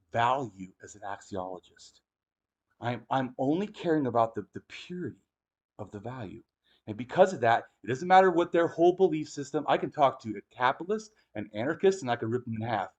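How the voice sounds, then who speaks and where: A middle-aged man from Los Angeles talks in a loose, casual chat. His voice sits high and swings widely in pitch. He is emphatic and profane. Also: darkish tone. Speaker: host.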